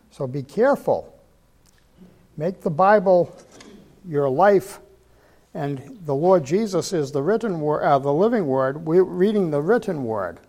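An older man preaches in an easygoing, conversational way. He asks his listeners rhetorical questions and often stops and restarts mid-sentence. His voice sits a little high for a man. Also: a little mellow. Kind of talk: informal sermon.

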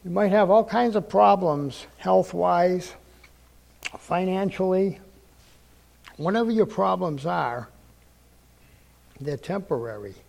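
An older man preaching a testimony in a fairly high voice with a gravelly edge. He tells his story earnestly, repeats phrases for weight and acts out the lines he quotes. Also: slow, long pauses, darkish tone. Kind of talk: sermon testimony.

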